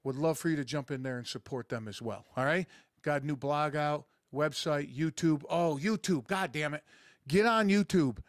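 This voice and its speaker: Middle-aged man, podcast host, crude sarcastic rambling, slightly high voice, dry close sound. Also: normal speed, dry recording. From rural United States. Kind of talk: casual monologue.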